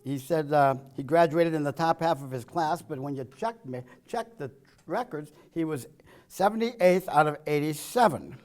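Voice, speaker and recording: A man giving a political speech full of jokes and one-liners, chuckling at his own punchlines and swinging between loud quips and low, muttered asides. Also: normal speed. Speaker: political speaker. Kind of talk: joke-filled political speech.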